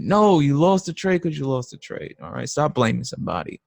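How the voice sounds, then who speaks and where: A man's voice: medium pitch, very animated, a little fast, gravelly. A young man hosting a live trading stream, talking in a blunt, slangy, emphatic casual rant.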